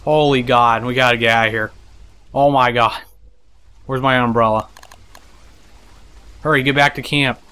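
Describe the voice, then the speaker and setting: A man's voice: mid-range voice, steady tone, moderate pace, long pauses, pushed and bright, clean tone. A man giving casual let's-play commentary, chatting to the characters on screen, laughing and swearing as he plays. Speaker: gameplay commentator.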